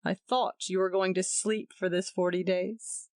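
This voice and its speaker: A woman's voice: on the low side, little pitch movement, measured pace, darkish tone, no room sound, clean studio sound. A woman reading aloud voicing a tense young husband who speaks shortly, steadily and coldly. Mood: stern.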